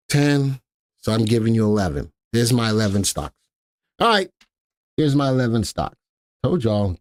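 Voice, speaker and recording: A man's voice: mid-range voice, no echo. Chatty man hosting a live market stream. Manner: chatty, thinks aloud, reads ticker letters slowly. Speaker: stock market show host.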